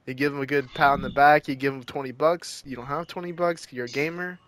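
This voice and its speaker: A man's voice: mid-range voice, steady tone, quick pace, fairly bright tone. A young man co-hosting a podcast in casual banter, rambling through joking made-up scenarios. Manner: rambling, spins joking hypotheticals. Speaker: podcast co-host.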